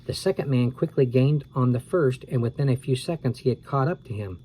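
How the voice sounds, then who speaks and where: A man reading a scary children's storybook aloud at a steady, unhurried pace. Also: medium pitch, a little hiss or hum, poor audio.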